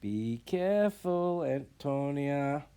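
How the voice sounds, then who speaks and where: A man's voice: fairly high pitch, expressive, takes it slowly, dark tone, smooth. A man reading a storybook aloud, voicing a clever young girl apprentice who warns and scolds. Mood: warning. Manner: stern and warning.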